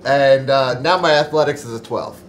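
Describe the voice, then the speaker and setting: A man playing a tabletop game, pausing with fillers as he decides his moves, over a noisy microphone. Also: mid-range voice. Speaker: player. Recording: noticeable noise on mic.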